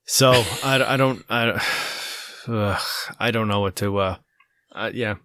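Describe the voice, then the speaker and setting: Rambling middle-aged dad, dry sound. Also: male voice, on the low side, slow, smooth, no echo. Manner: rambling, animated retelling with quoted voices. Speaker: parent. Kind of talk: casual chat.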